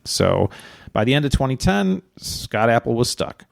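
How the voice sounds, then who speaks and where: A man co-hosting a podcast, telling a true-crime story in a relaxed, rambling way with many fillers and joking asides. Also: mid-range voice, moderate pace, vocal fry, no room sound, clean studio sound. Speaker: podcast co-host.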